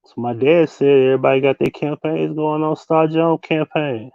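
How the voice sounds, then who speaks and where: A man's voice: fairly high pitch, fairly even intonation, normal speed, gravelly, dry recording, muffled recording. A young man hosting a casual livestream from his desk, slangy and loose, laughing often as he talks to his viewers. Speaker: livestream host. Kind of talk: casual late-night livestream chat.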